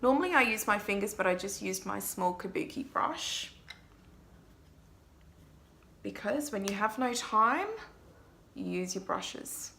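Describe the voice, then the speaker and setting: A woman's voice: mid-range voice, expressive, normal speed, creaky, sharp tone, a little hiss or hum. A young woman, a makeup artist, chatting to viewers through a makeup tutorial vlog in a self-mocking way.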